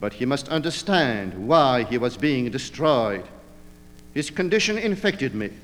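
Measured male audiobook narrator. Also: mid-range voice, big pitch swings, big-room sound, a little hiss or hum. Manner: measured, literary storytelling.

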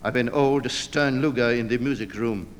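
A man's voice: mid-range voice, normal speed, long reverb tail, slight background noise, close to an everyday voice. A man doing a drawling drunk, effete and blustering. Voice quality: drawling, oddly feminine manner. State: drunk and rambling. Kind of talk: audiobook reading.

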